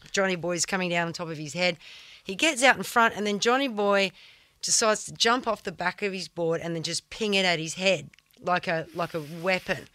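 A woman's voice: fairly low pitch, bright, forceful tone, no room sound. A woman, a surfer and guest on a podcast, telling a vivid story in casual, blunt talk that is full of swearing.

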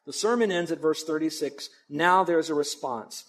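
A man's voice: a little high, moderate pace. A man pastor preaching a sermon in a conversational, emphatic way with asides to the congregation.

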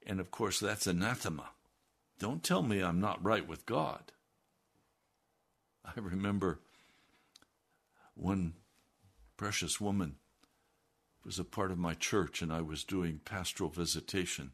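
A man, a pastor delivering an earnest, deliberate broadcast sermon. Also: low voice, a bit bright. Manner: earnest, deliberate preaching with rising emphasis.

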